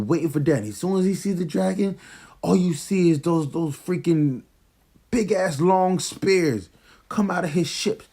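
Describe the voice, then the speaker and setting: Excitable man recapping an episode. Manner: excitable, slangy, rises to high-pitched outbursts. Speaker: TV episode reviewer.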